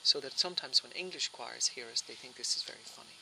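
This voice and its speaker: A man with a flat Irish accent, explaining at length in an interview, often restarting his sentences. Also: medium pitch, fast, gravelly, background noise. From Ireland. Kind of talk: interview answer.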